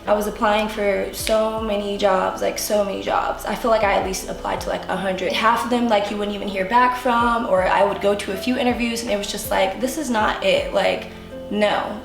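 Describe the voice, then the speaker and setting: A woman's voice: medium pitch, creaky. A woman in her twenties, a vlogger telling her own story to camera in candid, casual talk full of "like". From United States. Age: 20s. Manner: candid, filler-heavy talk with frequent "like". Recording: echoey room with faint music.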